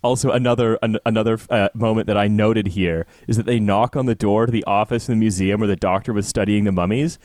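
A man's voice: fairly low pitch, fairly even intonation, quick pace, hardly any pauses, a little mellow, dry recording, clean studio sound. A man co-hosting a podcast, joking around in casual chat about a TV episode and often restarting his sentences. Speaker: podcast co-host.

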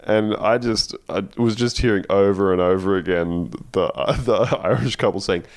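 A man's voice: lowish voice, normal speed, no room sound, clean studio sound. A man co-hosting a podcast, casually recapping a TV episode with wry, sardonic commentary. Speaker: podcast co-host.

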